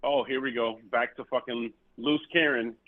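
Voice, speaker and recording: A man's voice: mid-range voice, normal speed, dry recording. Profane man on a tinny line. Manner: loud, profane, laughing, animated storytelling. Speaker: podcast co-host. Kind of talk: casual crude banter. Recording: dry tinny phone-like audio.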